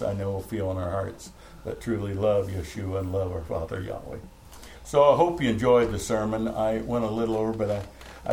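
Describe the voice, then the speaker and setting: Fervent middle-aged male pastor, home-church sermon, a bit low-pitched, faint noise behind. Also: darkish tone, rough recording. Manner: fervent, rambling, with laughs. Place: home meeting room.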